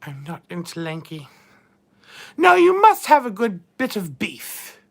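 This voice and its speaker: A woman's voice: medium pitch, wildly swooping pitch, a little slow, creaky, full character voice. A woman playing a vain, flirtatious mature duchess who drawls "darling" and trades bawdy innuendo while hosting a live chat in character. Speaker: live-stream host in character.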